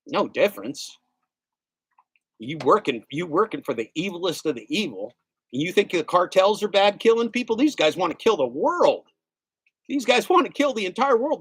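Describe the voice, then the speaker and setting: A man's voice: a little high, a bit bright, husky, no echo. A middle-aged man ranting in a casual livestream, emphatic and sarcastic, repeating his points. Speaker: gig delivery driver streamer.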